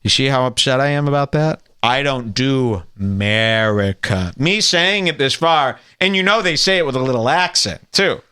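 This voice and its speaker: A man rants on a comedy podcast in a mock-outraged, sarcastic way, swearing freely. His voice is bright and sits a little high, and his pitch swoops all over as he works himself up. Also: expressive, a little fast, hardly any pauses, smooth. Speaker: podcast host.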